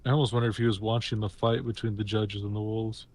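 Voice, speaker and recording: A man's voice: fairly low pitch, level tone, fast, background noise. A man playing a tabletop game with friends, talking hesitantly with frequent restarts. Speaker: player. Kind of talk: casual tabletop game chat.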